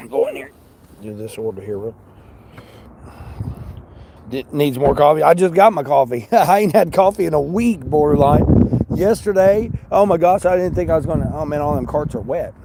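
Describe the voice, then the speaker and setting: A man's voice: a little high, lively intonation, normal speed, background noise. A man chatting casually with a live audience while picking a shopping order in a large store, joking and mildly exasperated. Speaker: livestreaming grocery shopper.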